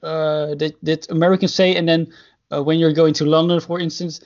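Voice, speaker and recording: A man's voice: a little high, level tone, fairly quick, a little mellow. A Dutch man and musician guest in casual chat, laughing often and restarting his sentences. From Netherlands. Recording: dull lo-fi sound.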